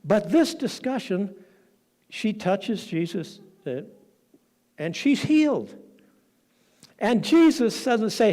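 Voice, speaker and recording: A male preacher in a church, telling the story with drama and slipping into the voices of the people in it. His voice sits on the higher side and swings widely in pitch. He takes his time, pausing between phrases. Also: very animated, darkish tone. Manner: dramatic, acts out quoted lines. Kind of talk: sermon storytelling.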